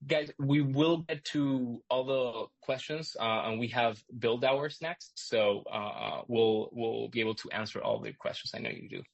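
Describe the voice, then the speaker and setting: A man hosting a live online class, explaining excitedly with lots of restarts and asides. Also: mid-range voice, measured pace, creaky, few pauses, dry recording, highs cut off. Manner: energetic, rambling, lots of restarts. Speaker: host and instructor. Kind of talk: live webinar teaching.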